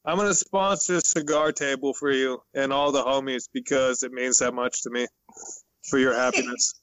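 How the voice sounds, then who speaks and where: A man's voice: mid-range voice, steady tone, moderate pace, a bit bright, no room sound, poor audio. A man joking with friends in casual banter, mock-formal and swearing freely.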